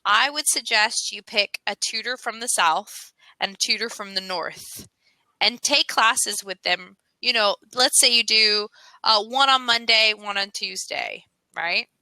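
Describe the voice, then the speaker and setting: A woman's voice: mid-range voice, unhurried, bright, forceful tone, no echo, low-quality recording. An American woman tutoring English on a video call, chatty and laughing often as she gives suggestions. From United States. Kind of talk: casual conversation lesson.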